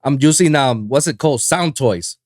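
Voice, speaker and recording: A man hosting a casual podcast chat, animated and swearing freely, with lots of fillers. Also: medium pitch, moderate pace, no room sound, clean studio sound. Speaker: podcast host.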